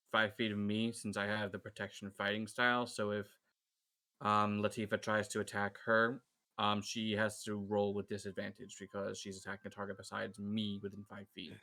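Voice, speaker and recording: A man's voice: lowish voice, bright, forceful tone. A man taking part as a player, explaining his moves methodically. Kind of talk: casual tabletop play.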